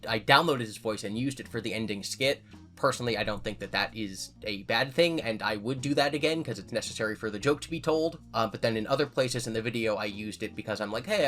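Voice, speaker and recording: A man's voice: lowish voice, a bit bright. A man giving casual commentary as a YouTuber, answering viewer comments in a candid, self-correcting way. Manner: candid, self-correcting, talks things through.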